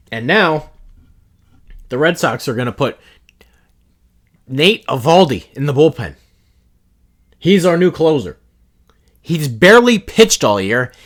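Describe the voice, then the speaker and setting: Guy doing a solo podcast rant, kinda high voice, blunt and sweary, fed up. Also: a bit bright. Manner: blunt, profane, exasperated ranting. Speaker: podcast host.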